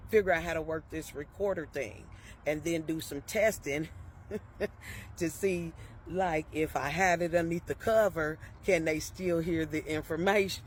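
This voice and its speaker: A woman's voice: low-pitched, slight background noise. A woman telling a personal story in a casual, chatty way, often laughing and turning to her listeners with "y'all" and "okay?". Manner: laughs often between sentences.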